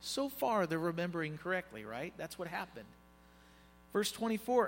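Animated preaching man in a reverberant hall. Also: sits high, normal speed. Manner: animated, joking asides to the congregation. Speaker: pastor. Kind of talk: conversational sermon. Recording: long reverb, faint music behind.

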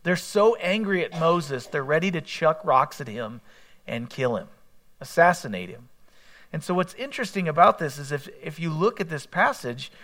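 Animated pastor preaching to his congregation. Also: a little high, normal speed. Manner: conversational preaching with rhetorical questions and acted quotes. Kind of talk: sermon.

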